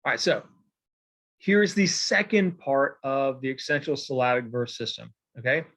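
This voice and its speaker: A man's voice: mid-range voice, expressive, moderate pace, fairly bright tone. A man teaching a poetry lesson in a casual, rambling way, full of fillers and frequent "okay?" check-ins while he marks examples by hand. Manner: writes on a board while explaining. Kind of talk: recorded lecture.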